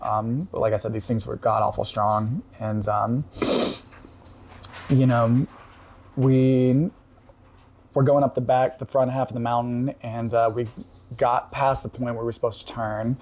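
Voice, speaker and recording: A man calmly recounting a personal story in casual conversation, reflective, with frequent pauses and fillers. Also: medium pitch. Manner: reflective, halting with many fillers. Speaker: podcast guest.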